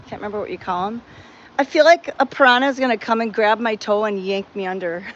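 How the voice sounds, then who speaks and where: A woman's voice: a little high, lo-fi sound, slight background noise. A woman chatting to her viewers outdoors at a cat sanctuary, telling a rambling story with frequent restarts.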